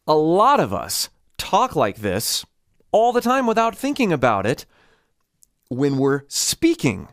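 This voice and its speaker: A man's voice: on the high side, slow pace, no room sound, clean studio sound. A man, a vocal coach, explaining singing techniques and demonstrating them with his own voice. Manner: expressive, demonstrates with voice.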